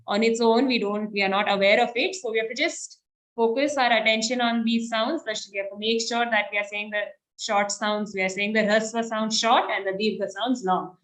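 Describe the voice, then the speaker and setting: A woman teaching verse recitation online, chanting lines slowly and then correcting pronunciation briskly. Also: on the high side, a bit bright.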